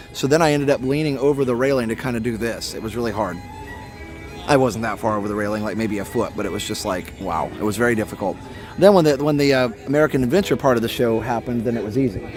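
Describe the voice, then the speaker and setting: A man's voice: mid-range voice, a little mellow. A man hosting a casual live stream from a theme park at night, chatting and reading out viewer comments.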